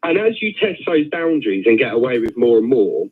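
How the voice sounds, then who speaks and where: A man in his thirties calls in to a radio show and lays out his argument calmly. His voice is husky. It comes through a tinny phone line. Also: mid-range voice. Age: 30s. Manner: thoughtful, measured argument. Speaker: caller.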